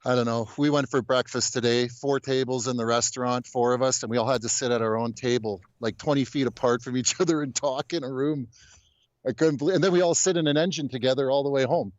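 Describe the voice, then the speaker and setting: A man's voice: mid-range voice, steady tone, fast talker, dry recording, lo-fi sound. A man calling in to a casual talk show, blunt and exasperated, often stammering as he restarts his sentences. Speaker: caller. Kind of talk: casual call-in chat.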